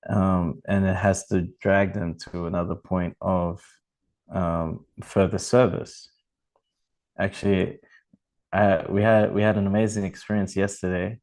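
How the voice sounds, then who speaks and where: A man's voice: deep voice, little pitch movement, measured pace, darkish tone, poor audio. A man giving an informal religious talk and telling a long anecdote, rambling with many fillers and restarts. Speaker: temple speaker.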